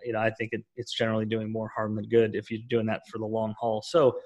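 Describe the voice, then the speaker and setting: A man co-hosting a podcast who gives practical advice in a halting way, often repeating his words. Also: on the low side, monotone, darkish tone, muffled recording. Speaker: podcast co-host, fasting coach. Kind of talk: casual podcast chat.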